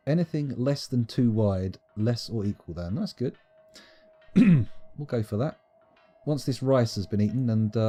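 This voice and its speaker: A man's voice: mid-range voice, dark tone. A man giving playful, rambling, self-mocking commentary while streaming a game live.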